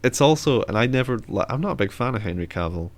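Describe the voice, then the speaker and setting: Blunt, gravelly young man. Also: medium pitch, lively intonation, fast. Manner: blunt, opinionated, sardonic. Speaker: podcast co-host. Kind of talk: casual chat.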